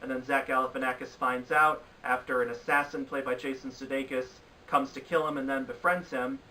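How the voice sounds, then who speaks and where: A man's voice: medium pitch, fairly even intonation, a little fast, bright, forceful tone, far from the mic, slight background noise, rough recording. Exasperated man ranting film reviews. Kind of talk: opinionated film review countdown.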